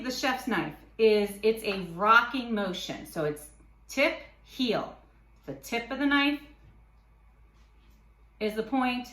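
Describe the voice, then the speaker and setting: Teaching cooking in her kitchen, a woman guides viewers patiently through each stage, adding playful asides. Her voice is mid-range with a sharp tone, and the room sounds spacious.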